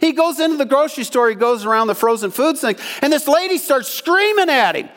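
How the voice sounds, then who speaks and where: An older male pastor preaches in a loose, folksy way, full of asides to his listeners. He acts out the people in his stories as he goes. His voice sits high for a man. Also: lively intonation, a little fast, a bit bright. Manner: folksy storytelling with asides to the congregation; acts out quoted voices in the story. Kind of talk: sermon.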